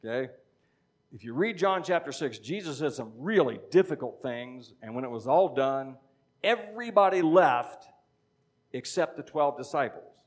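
A man's voice: mid-range voice, expressive, moderate pace, slightly rough. A middle-aged man preaching a sermon in a conversational teaching style, often checking in with "okay?". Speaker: pastor.

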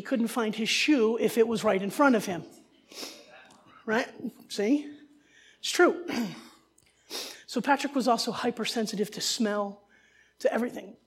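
Woman preaching with lively storytelling. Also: medium pitch. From New Jersey. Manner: storytelling, animated, jokey asides. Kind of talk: sermon with a personal story.

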